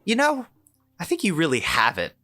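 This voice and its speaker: A man voicing an eager, insistent female youth-group recruiter in a high, gushing, persuasive tone. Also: huge pitch swings, normal speed, bright, forceful tone, full character voice.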